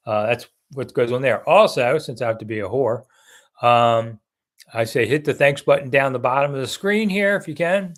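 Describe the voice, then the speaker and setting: Older man, sports talk host, blunt, chatty, casual live chat, reads viewer comments. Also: medium pitch.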